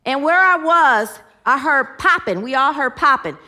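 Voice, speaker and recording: A woman's voice: sits high, expressive, a little slow, pushed and bright. A woman teaching a sermon in an earnest manner, leading her listeners in affirmations and telling stories with animation. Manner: earnest, leads the group in affirmations. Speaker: spiritual teacher.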